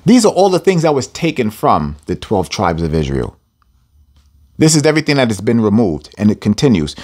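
A man's voice: mid-range voice, sing-song, normal speed. A man teaching a scripture lesson, speaking emphatically, repeating phrases for stress and addressing his listeners as family. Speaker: Bible teacher.

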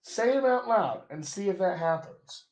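A man with a General American accent, a dialect coach giving a chatty live accent lesson and repeating sample words slowly. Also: high voice, lively intonation, darkish tone, echoey room.

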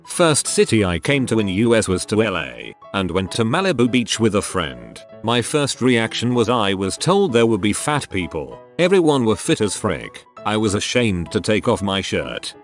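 Low-voiced man narrating reader stories.

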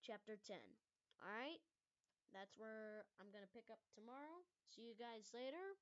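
A woman reading a graphic novel aloud in a lively way, giving the characters voices and shouting the sound effects. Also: a little high, normal speed, muffled recording, slight background noise.

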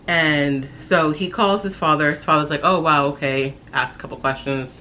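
A young woman casually telling a personal story on her vlog, talking in a halting, reflective way with frequent fillers and restarts. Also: low-pitched, steady tone, pushed and bright, slight background noise.

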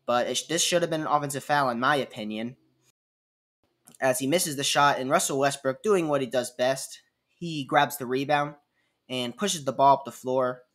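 A man's voice: medium pitch, normal speed, fairly bright tone. A man casually commentating over basketball game clips, chatty and repeating himself as he walks through replays. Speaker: sports commentator.

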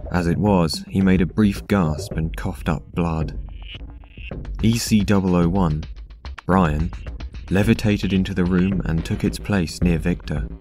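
A man reading a dark story aloud in a measured, even narration. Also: low voice. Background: synth music.

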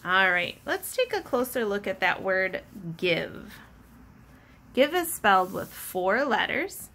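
A woman teacher giving a patient, encouraging reading lesson, sounding out letters slowly for young children. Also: medium pitch, sing-song, bright, forceful tone. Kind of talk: slow, clear early-reading lesson.

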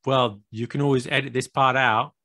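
British male co-host, playful and joking; gravelly, dead-dry recording. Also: mid-range voice, fairly even intonation, normal speed, pushed and bright, no echo. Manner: playful, teasing, self-mocking asides. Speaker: podcast co-host. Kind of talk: casual podcast chat.

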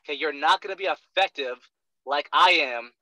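A young man coaches a sales trainee in a blunt, profane rush, hammering each point and checking in with "right?" again and again. His voice sits a little high and very bright, and the dry, close sound comes through a dull lo-fi recording. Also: normal speed, no room sound. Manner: profane, emphatic, keeps asking "right?". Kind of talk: blunt one-on-one coaching talk.

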